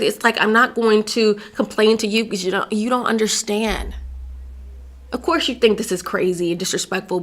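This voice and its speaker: A woman's voice: fairly high pitch, sharp tone. A young adult woman from Virginia hosting a solo podcast, delivering emphatic, sassy, opinionated commentary. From Virginia, USA. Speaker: podcast host.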